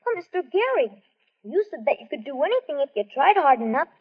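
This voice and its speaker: Woman doing a hopeful little kid in a hospital bed, super high voice, 1940s radio play, muffled lo-fi sound. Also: sing-song, fast talker. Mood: eager. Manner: eager, pleading. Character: young boy in hospital bed, hopeful fan. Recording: dull lo-fi old radio recording.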